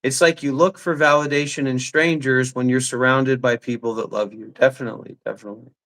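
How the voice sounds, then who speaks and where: A man's voice: medium pitch, steady tone, a little fast, a bit bright. A man in his thirties ranting heatedly on a livestream, hurling accusations and reading chat messages aloud. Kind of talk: heated live commentary.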